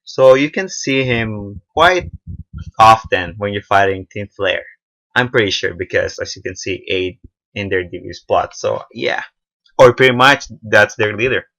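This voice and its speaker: A young man giving casual, unscripted commentary on a game trailer, halting often with fillers and restarts. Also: on the low side, expressive, creaky, pushed and bright. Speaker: gaming video reviewer.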